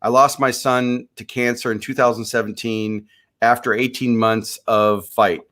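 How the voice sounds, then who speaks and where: A man's voice: medium pitch, little pitch movement, unhurried, fairly bright tone. A man in his fifties, from Minneapolis, a podcast guest telling a personal story in an earnest, motivational way, often restarting his sentences. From USA, Minneapolis. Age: 50s. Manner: earnest, motivational, repeats words when starting sentences. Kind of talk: conversational storytelling.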